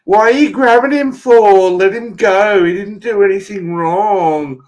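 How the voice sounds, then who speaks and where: A man mockingly voicing a whiny young woman in gym wear, in a shrill falsetto. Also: racing, mellow, no echo, natural voice.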